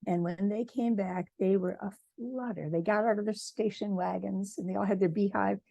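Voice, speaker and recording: A woman from Michigan, a textile artist, giving a lively personal talk at a symposium and acting out quoted dialogue. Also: mid-range voice, normal speed, gravelly, no echo, lo-fi sound. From Michigan, USA. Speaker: guest speaker, textile artist.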